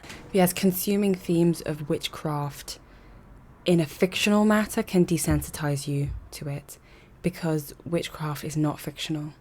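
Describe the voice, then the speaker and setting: A woman's voice: low-pitched, fairly even intonation, unhurried, warm tone. A young woman giving an earnest, conversational opinion monologue to camera, often asking rhetorical questions. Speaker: vlogger.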